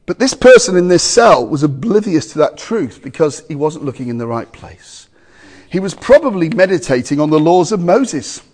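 A man preaching a sermon to a congregation, emphatic, with loud exclamations and quiet asides. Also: a little high, sing-song, normal speed.

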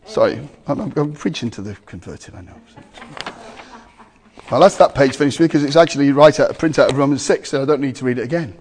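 A man preaching a sermon to a congregation, emphatic, with loud exclamations and quiet asides. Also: medium pitch, fast talker, breathy edge.

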